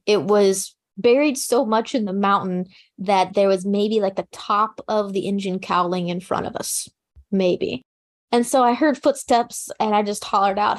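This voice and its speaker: Calm, matter-of-fact woman telling her story. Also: mid-range voice, measured pace. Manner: plain conversational fillers like "you know" and "like". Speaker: interview guest. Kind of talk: personal survival story in conversation.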